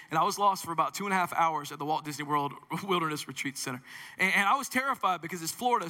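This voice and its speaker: Male pastor, high and very forceful, jokey storyteller, echoing church hall. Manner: animated, humorous, conversational storytelling. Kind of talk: sermon. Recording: long reverb in a large hall.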